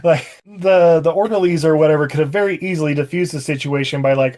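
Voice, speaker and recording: Speaking quickly with hardly any pauses, this podcast co-host has a darkish voice on the high side. His movie chat is casual and comedic, full of jokes, frequent laughter and sudden mock voices.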